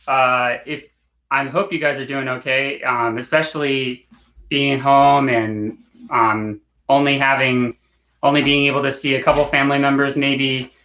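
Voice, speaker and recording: A man teaching an online hand drumming workshop, relaxed and encouraging, and chanting phrases in rhythm. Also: medium pitch, a little slow. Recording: echoey room with drumming.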